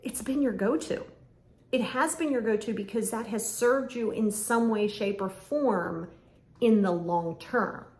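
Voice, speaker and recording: A woman's voice: a little high, a little slow, darkish tone. A woman hosting a podcast as a coach, talking directly and emphatically and acting out bits of dialogue. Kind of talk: motivational monologue. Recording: echoey room with faint ambient noise. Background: faint ambience, lawnmower outside.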